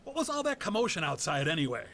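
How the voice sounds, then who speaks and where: Wisecracking AI sidekick. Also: male voice, a little high, big pitch swings, fast, background noise. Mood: cheeky. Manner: cheeky, wisecracking. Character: sarcastic male pocket AI sidekick.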